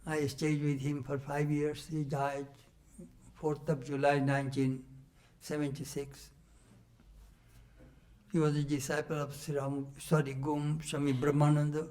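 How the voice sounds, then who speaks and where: Animated older man telling stories. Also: on the high side, measured pace, pauses often. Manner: animated, laughing storyteller. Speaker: monk recalling his teacher. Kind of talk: storytelling talk to a retreat audience.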